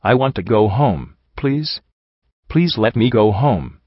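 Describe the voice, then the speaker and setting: A man's voice: medium pitch, lively intonation, slow, no echo. A man reading a storybook voices a shaken grey mare musician who stammers and pleads. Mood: pleading. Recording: dull lo-fi recording.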